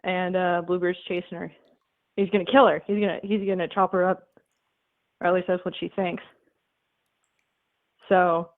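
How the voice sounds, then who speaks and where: A woman calling in to a comedy show, rambling through a retold fable with lots of fillers and casual swearing. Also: fairly low pitch. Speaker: caller. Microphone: telephone. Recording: tinny phone line.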